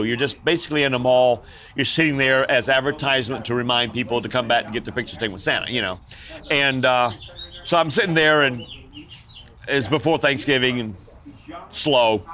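An older man, a guest in an interview, telling stories in an animated way, often laughing and acting out the people in them. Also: mid-range voice. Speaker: mall Santa guest. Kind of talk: storytelling in an interview.

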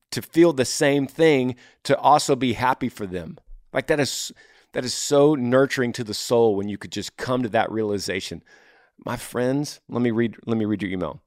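A man's voice: medium pitch, dry recording, clean studio sound. Blunt, earnest male podcast host. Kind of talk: casual advice podcast.

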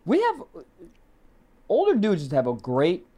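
A young adult man co-hosting a comedy podcast, telling crude stories in an animated, casual way. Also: a little slow. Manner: animated, crude storytelling that leaps up in pitch. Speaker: podcast co-host.

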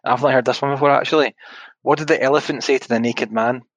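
A man's voice: medium pitch, fairly even intonation, fast talker, dry recording. A man co-hosting a podcast, chatting casually and delivering joke punchlines dryly. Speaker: podcast co-host. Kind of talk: casual chat.

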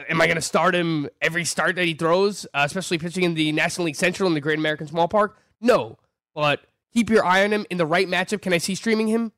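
A man with a fairly high voice talks through numbers in a casual podcast chat. He sounds animated and ready to argue his point. The sound is dry and close, with no room around it. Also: fast talker, no echo. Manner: animated, argumentative, stat-heavy. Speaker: fantasy baseball podcast co-host. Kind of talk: casual sports analysis chat.

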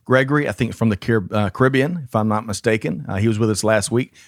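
A man's voice: on the low side, quick pace, no room sound, clean studio sound. A man co-hosting a casual talk show, upbeat, reading news points aloud and turning to his co-host. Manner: upbeat, reads story points aloud, stumbles on names. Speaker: podcast co-host.

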